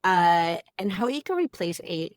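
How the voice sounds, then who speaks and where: A woman's voice: on the low side, very animated, moderate pace, dry recording. A woman hosting a motivational podcast, talking in a gushing, effusive way with lots of exclamations and thanks to her listeners. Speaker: podcast host. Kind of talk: upbeat motivational podcast talk.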